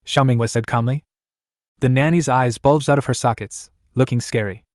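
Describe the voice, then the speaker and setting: A man reading a story recap as scripted narration, in an even, plain voice. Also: mid-range voice, moderate pace, dry recording, clean studio sound.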